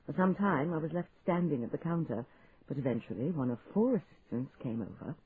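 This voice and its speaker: Expressive male audiobook narrator, phone-like sound. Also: on the high side, fairly quick. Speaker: audiobook reader. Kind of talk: scripted narration. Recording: tinny phone-like sound, faint hiss.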